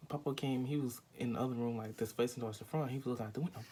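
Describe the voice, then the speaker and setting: A man's voice: mid-range voice, steady tone, rapid-fire, dark tone, slight background noise. A young man telling a rambling, emphatic storytime vlog at home, full of fillers and acted-out quotes. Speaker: vlogger.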